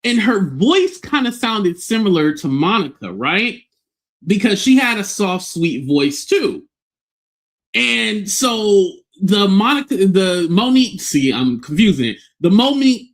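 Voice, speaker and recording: A male commentary host tells an online story in a relaxed, chatty way, laughing and slipping into the voices of the people he quotes. His voice sits high for a man and swings widely in pitch. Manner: animated, acts out quoted voices, laughs often.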